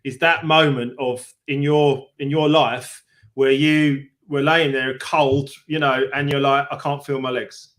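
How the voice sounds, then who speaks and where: A man's voice: mid-range voice, little pitch movement, unhurried, fairly bright tone. A man hosting an interview, empathetically recapping his guest's story back to him. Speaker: host. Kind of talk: conversational interview.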